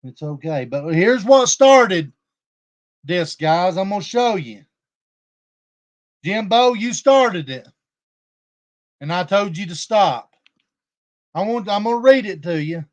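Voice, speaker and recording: A man's voice: sits high, lively intonation, takes it slowly, pauses often. A man talking casually to viewers on a livestream, aggrieved and confrontational as he addresses a rival and his audience. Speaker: YouTube livestreamer.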